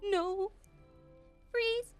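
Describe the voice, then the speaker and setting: Lady doing gloomy little girl alice, mopey and quiet, game voice. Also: very high voice, fairly even intonation, drawn-out words, faint music behind, voice pushed up, heavily acted. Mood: mournful. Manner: mournful, reluctant. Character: sad, withdrawn young girl Alice.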